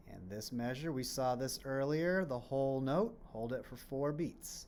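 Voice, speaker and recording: Man, music teacher, slow and patient, chants rhythms while clapping, faint room hiss. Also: mid-range voice, expressive, a little mellow. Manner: slow and patient, asks questions and answers them. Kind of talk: recorded music lesson for children.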